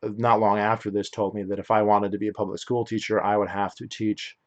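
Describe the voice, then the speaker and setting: A man's voice: lowish voice, little pitch movement, brisk, dull audio. Man rambling through an opinion monologue. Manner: rambling, opinionated, frequent restarts and self-corrections. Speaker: podcast host. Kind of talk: solo podcast monologue.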